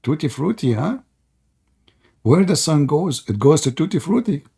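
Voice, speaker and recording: A man's voice: fairly high pitch, big pitch swings, moderate pace, creaky, mellow, husky. A man hosting a live online debate, mocking and sarcastic, laughing often and saying he is losing his voice. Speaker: debate host.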